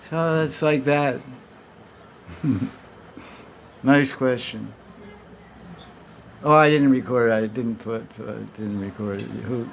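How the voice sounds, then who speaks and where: A man with a mid-range voice gives a devotional lecture with questions, and there is a little hiss or hum in the recording. As a spiritual teacher, he tells a story and acts out its dialogue, with many restarts.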